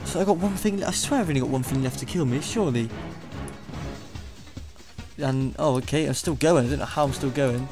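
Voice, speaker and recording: A young man commentating a game he is playing, excitable and mocking, laughing often at what he sees. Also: medium pitch, fairly quick, pauses often. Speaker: gaming YouTuber. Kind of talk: let's play commentary. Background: game music.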